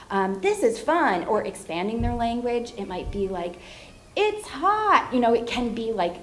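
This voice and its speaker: A woman's voice: medium pitch, a little mellow, a little hiss or hum, rough recording. A woman speech therapist on a library panel, explaining her methods at length and acting out short phrases a child might say. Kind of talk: panel discussion.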